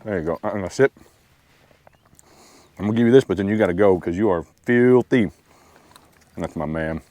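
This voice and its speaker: A man's voice: low voice, fairly quick, dark tone. A man, rambling casually in an outdoor camping vlog and talking to his dog. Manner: laid-back, rambling, talks to his dog. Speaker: outdoor vlogger. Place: outdoors at a lakeside campsite.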